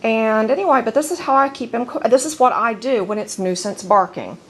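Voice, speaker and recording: A woman with a voice on the high side, speaking fairly quickly, points a handheld camera at her dogs inside her home. She chats in a rambling, home-video way, stopping now and then to give them firm commands.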